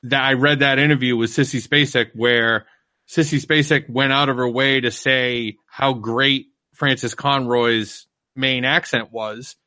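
A man co-hosting a casual podcast chat, talking in an animated, loose way and explaining at length. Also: medium pitch, measured pace, no room sound. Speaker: podcast co-host.

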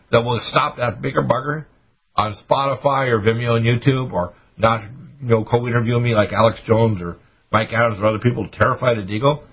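Male talk radio host, husky voice, fervent preachy ranter, muffled audio. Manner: preachy, urgent, rapid rants with sudden high bursts.

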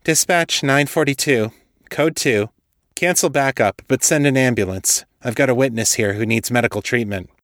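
A man voicing a commanding young woman investigator who talks briskly, with an exasperated edge. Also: mid-range voice, fairly bright tone, no room sound, clean studio sound, pitched above the performer's own voice, lightly acted.

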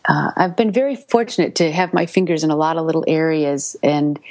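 Lively middle-aged woman telling stories. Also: low-pitched, a little fast, no room sound. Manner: lively, laughing storyteller who repeats words when excited. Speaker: voice actor guest. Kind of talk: casual interview storytelling.

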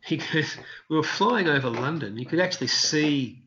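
An Australian man, a street performer, telling rambling, animated anecdotes in a casual interview. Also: fairly high pitch, normal speed, highs cut off, a little hiss or hum.

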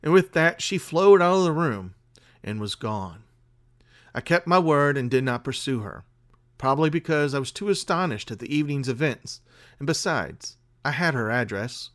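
A man hosting a podcast and reading a spooky tale aloud in a measured, dramatic way. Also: mid-range voice, animated. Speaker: podcast host and story reader. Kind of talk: scripted story narration.

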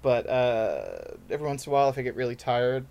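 A man's voice: mid-range voice, big pitch swings, quick pace, vocal fry, darkish tone, lo-fi sound. A man from New York City, a guest comedian talking casually and acting out quotes in rambling asides. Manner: rambling, acts out quotes in voices. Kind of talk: casual podcast chat.

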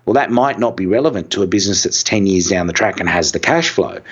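Man, podcast co-host, husky voice, lo-fi muffled sound. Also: low voice, expressive, quick pace. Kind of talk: casual podcast discussion.

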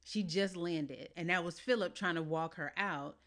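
A woman co-hosting a casual TV recap chat, blunt, profane and animated. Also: on the low side, normal speed. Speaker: podcast co-host. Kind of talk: casual chat about a TV series.

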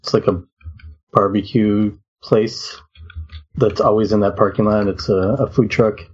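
A man on a casual podcast, telling a story in a relaxed, hesitant way. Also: fairly low pitch, measured pace, slightly rough. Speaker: podcast co-host. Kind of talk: casual chat. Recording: dull lo-fi audio.

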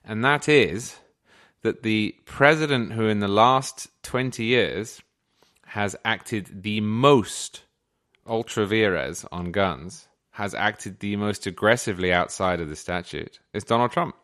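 An Englishman with a received pronunciation accent appears as a guest commentator on a podcast, arguing his point articulately and emphatically. His voice is fairly low and a bit bright, and he speaks slowly.

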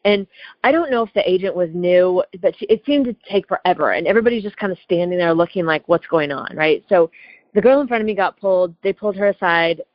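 A woman's voice: on the low side, fast talker, no echo. Heated woman telling a story. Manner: chatty, heated, lots of "like" and "right?". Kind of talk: casual storytelling. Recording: dull lo-fi dry recording.

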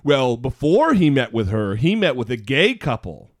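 Man, podcast co-host, lively rambling delivery, dry sound. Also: mid-range voice, moderate pace, no room sound. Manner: animated, self-deprecating, rambling. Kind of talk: casual podcast chat.

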